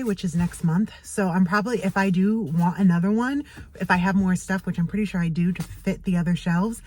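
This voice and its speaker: A woman's voice: fairly low pitch, darkish tone, a little hiss or hum, rough recording. A woman chatting casually to camera for her small business vlog, talking in an upbeat, rambling way with lots of fillers. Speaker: small business owner vlogging.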